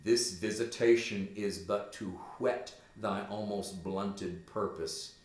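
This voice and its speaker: A man reading the part of the ghost of a murdered king, speaking in a grave, measured voice. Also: fairly low pitch, steady tone, a little mellow. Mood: solemn. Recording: roomy echo.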